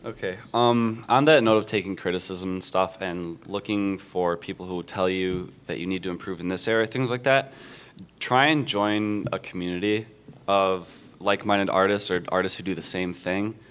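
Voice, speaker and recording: A young man giving casual advice on a convention panel, relaxed and chatty with frequent fillers. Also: low-pitched, normal speed, clean tone.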